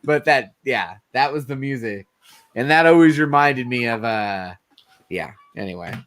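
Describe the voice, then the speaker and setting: A man's voice: mid-range voice, lively intonation, unhurried, fairly bright tone. A man in his forties hosting a late-night livestream, chatting casually, laughing often and swearing freely. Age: 40s. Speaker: livestream host.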